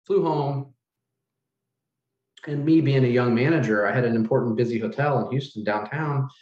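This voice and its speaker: A middle-aged man tells a heartfelt story in an interview, halting over his words as the emotion catches him. His voice sits at an ordinary pitch, and a roomy echo and a muffled, lo-fi tone hang over the recording. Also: a little mellow. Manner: earnest, halting, with many restarts and fillers. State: emotional, close to tears. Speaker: hotel manager, guest. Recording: roomy, dull lo-fi sound.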